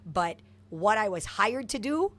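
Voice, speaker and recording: In an interview, a middle-aged soccer coach from Hawaii energetically and animatedly recounts stories from her past. She speaks in an unhurried, medium-pitched voice.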